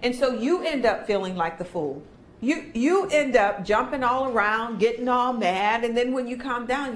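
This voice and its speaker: A woman's voice: on the high side, normal speed. A woman leading a training workshop who talks through her stories and acts out the children's voices as she goes. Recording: echoey room with faint noise.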